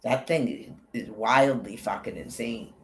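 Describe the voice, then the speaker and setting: A man's voice: medium pitch, takes it slowly, a bit bright, slight background noise. Swearing, rambling New man ranting. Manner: angry, swears constantly, rambling. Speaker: vlogger. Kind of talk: profane ranting monologue.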